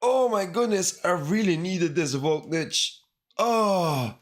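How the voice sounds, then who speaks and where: A man's voice: high voice, lively intonation, slow. A man with a Caribbean accent, chatting casually and in slang with viewers during a live coding stream. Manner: laid-back, slangy, talks straight to viewers. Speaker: livestreamer. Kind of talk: casual livestream chat while coding.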